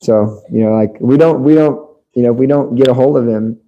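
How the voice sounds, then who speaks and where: A man commenting after a scripture class, telling animated anecdotes full of quoted dialogue. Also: mid-range voice, brisk, dull audio. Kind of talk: anecdotal storytelling.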